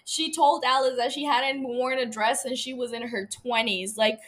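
Young woman, podcast host, fairly high voice, casual rambling chat, laughs a lot, swears freely. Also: fairly even intonation, normal speed, fairly bright tone.

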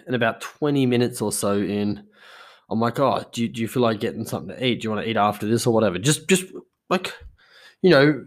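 A young man hosting a podcast, telling stories in a rambling casual monologue full of swearing. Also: lowish voice. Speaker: podcast host.

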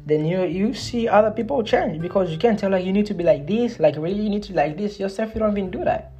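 A woman rants into her podcast mic, blunt and profane, hammering the same points over and over. Her voice sits at an ordinary middle pitch, with a faint guitar playing softly underneath. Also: fast. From Congo. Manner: lecturing, repetitive. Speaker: podcast host. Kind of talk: solo podcast rant.

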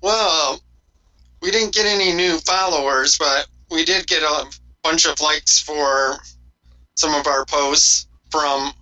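A man's voice: fairly high pitch, slow pace, bright, forceful tone, rough recording. A man co-hosting a wrestling podcast, talking in a hesitant, easygoing way. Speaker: podcast co-host. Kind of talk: casual wrestling podcast chat.

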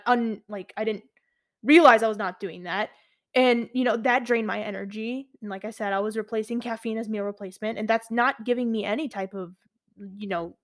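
A young woman in her early twenties hosts a solo podcast, her voice sitting a little higher than most. She talks in a candid, chatty way, full of fillers and restarts. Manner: candid, chatty, animated storytelling with many fillers. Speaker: podcast host.

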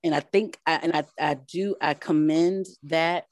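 A woman's voice: low voice, steady tone, measured pace, dry recording. A woman co-hosting a casual chat, talking animatedly with many fillers and restarts.

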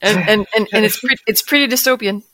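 A woman's voice: medium pitch, fast, a bit bright, no room sound. A woman co-hosting a podcast in casual chat, talking in a chatty way with stammering restarts, recorded over a remote call. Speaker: podcast co-host.

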